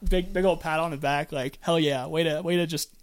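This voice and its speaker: A man's voice: a little high, fairly even intonation, a little fast, clean tone. A man hosting a casual podcast chat, enthusiastic and full of "dude" and "like". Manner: enthusiastic, keeps saying "dude".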